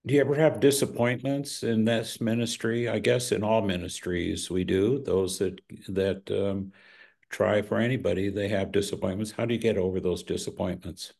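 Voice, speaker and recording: A podcast host puts questions to his guest in a low, gravelly voice. He speaks in a measured, deliberate way and builds each question step by step. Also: steady tone, a little mellow. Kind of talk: interview questions.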